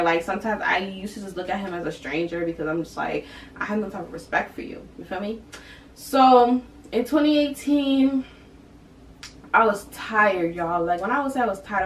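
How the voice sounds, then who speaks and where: A young woman vlogger telling a personal story in casual, animated, slang-heavy chat, talking to her viewers. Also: mid-range voice, distant mic. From Boston area. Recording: roomy, from off the mic, faint hiss.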